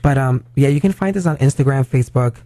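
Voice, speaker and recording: Brief: male drag queen guest in a radio studio, mellow timbre, dry sound, rambling and chatty. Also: medium pitch, fast talker, no room sound. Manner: chatty, heavy on "like" fillers. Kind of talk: casual radio interview chat.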